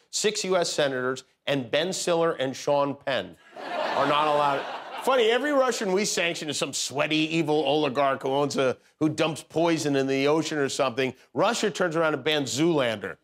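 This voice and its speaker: A man's voice: fairly high pitch, lively intonation, moderate pace, a bit bright. A man delivering a joking late-night monologue as host in a TV studio. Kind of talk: comedic monologue. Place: TV studio with live audience. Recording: studio audience noise.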